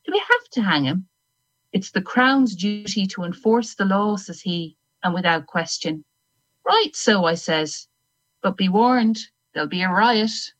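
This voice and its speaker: A woman's voice: medium pitch, lively intonation, measured pace, low-quality recording. A woman reading as a grim hangwoman. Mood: wry. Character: older woman hangman, grim, unrepentant and secretive. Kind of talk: first-person story reading.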